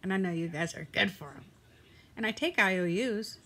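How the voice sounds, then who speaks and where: An older Southern California woman sits at home chatting to a phone or camera, rambling and poking fun at herself. Her mid-range voice is expressive and fairly bright, at a moderate pace.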